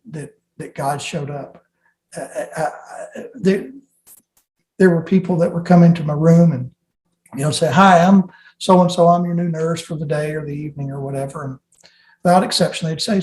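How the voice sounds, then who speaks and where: A man's voice: fairly high pitch, warm tone. A man giving an earnest personal testimony as an interview guest, often restarting his sentences. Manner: earnest storytelling with frequent restarts. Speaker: interview guest, plane crash survivor. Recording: roomy echo.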